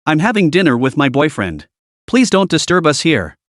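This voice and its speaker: A man's voice: on the high side, sing-song, moderate pace, dry recording, clean studio sound. A man voicing a poised, cold young woman executive, polite but firm, in a story recap.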